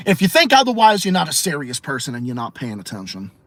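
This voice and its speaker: A blunt, foul-mouthed man with a Massachusetts accent holds forth on his livestream podcast, answering chat as he goes. His voice sits slightly high and leaps around animatedly. The sound is dry and close, with no room around it. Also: huge pitch swings, fast, no room sound. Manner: profane, blunt and opinionated. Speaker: podcast host.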